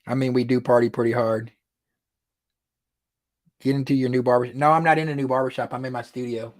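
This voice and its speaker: A man's voice: mid-range voice, fairly even intonation, brisk, no echo. A man hosting his own weekly livestream from his studio, chatting casually, joking and laughing often. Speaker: livestream host. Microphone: phone or computer livestream.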